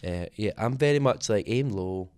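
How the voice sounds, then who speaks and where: A man's voice: lowish voice, lively intonation, moderate pace, darkish tone. A man being interviewed as a singer, talking casually in a rambling, self-deprecating way with many fillers and restarts.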